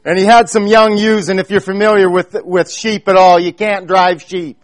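A high-voiced man with an Amish accent preaches a sermon, earnestly telling his story and addressing the congregation directly. His delivery is flat and at normal speed, and the recording is dry and close with almost no room sound.

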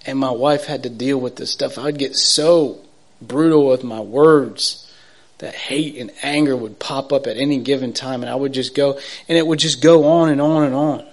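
A middle-aged man giving an emotional personal testimony, halting and repetitive, swinging from urgent to hushed. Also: medium pitch, steady tone. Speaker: testimony speaker.

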